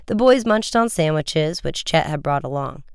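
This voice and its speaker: A man's voice: on the high side, expressive, smooth, dry recording, clean studio sound. A man reading an adventure story aloud as a narrator, slipping into voices for the boys in the dialogue. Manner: does quick character voices for the boys in dialogue. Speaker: audiobook reader. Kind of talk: scripted narration.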